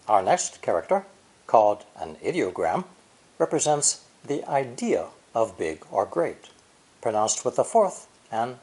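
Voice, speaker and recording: Lively-pitched man narrating a language lesson. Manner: measured, clear explanations with repeated demonstration syllables. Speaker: language teacher. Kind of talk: scripted educational narration.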